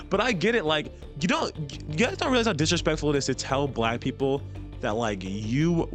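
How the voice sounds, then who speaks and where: A man's voice: a little high, sing-song, normal speed, faint music behind. A man hosting a reaction video who comments on a clip in a casual, conversational way with lots of fillers. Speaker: commentary host.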